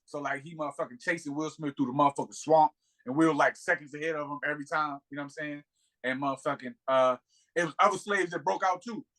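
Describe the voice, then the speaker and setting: Fast, bright-voiced man retelling a movie. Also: a little high. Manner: animated, profane storytelling with lots of filler. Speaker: podcast host. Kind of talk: casual chat, retelling a movie.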